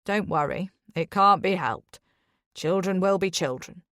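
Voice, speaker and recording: A woman's voice: fairly low pitch, unhurried, fairly bright tone, no room sound, studio quality. A woman voicing a brusque, dismissive older husband in an audiobook, speaking curtly and matter-of-factly. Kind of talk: audiobook character voice.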